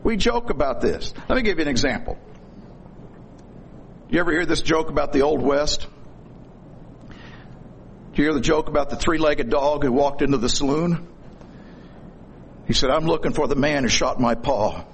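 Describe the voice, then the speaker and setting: A middle-aged man delivers a sermon in a folksy, storytelling manner with a corny sense of humor. His voice sits a little high for a man. A faint background noise runs under the recording. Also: animated, normal speed, pauses often. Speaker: preacher.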